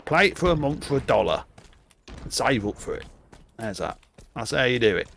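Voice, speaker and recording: A man's voice: medium pitch, sing-song, moderate pace, vocal fry, fairly bright tone, a little hiss or hum. An older man livestreaming a game, chatting to viewers in a rambling, profane, jokey way. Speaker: game streamer. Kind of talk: live gameplay commentary. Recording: game gunfire in the background.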